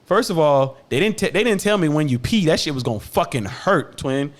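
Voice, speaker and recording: A man's voice: a little high, lively intonation, a little fast. A young man hosting a podcast, telling a story casually with profane slang and laughter. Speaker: podcast host.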